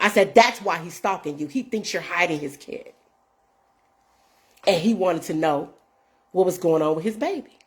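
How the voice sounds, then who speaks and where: With a fairly low, slightly rough voice, a woman in her fifties hosts her own program. She relates a story to viewers in an earnest, casual way, says "y'all," and reads out messages.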